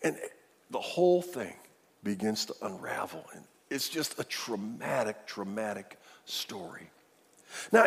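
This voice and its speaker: Animated male preacher in a reverberant hall. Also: mid-range voice, gravelly, breathy edge. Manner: animated, acting out the characters. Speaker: pastor. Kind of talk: sermon storytelling.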